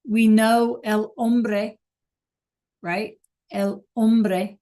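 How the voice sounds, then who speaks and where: A woman's voice: on the high side, steady tone, drawn-out words, dark tone. A woman teaching a beginner Spanish class, praising students by name and checking that they follow along. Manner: encouraging, repeats praise and checks understanding.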